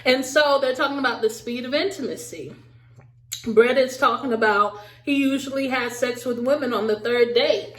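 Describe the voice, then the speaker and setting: A woman giving a casual, animated recap of a reality show, talking straight to her viewers with a sassy edge. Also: on the high side, moderate pace, reverberant. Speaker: recap vlogger.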